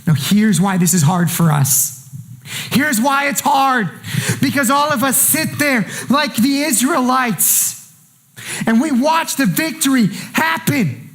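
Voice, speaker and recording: High-pitched, slow impassioned preacher man. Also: expressive. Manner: impassioned preaching, swinging between quiet and shouted; colloquial, with repetition for emphasis. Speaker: pastor. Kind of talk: sermon.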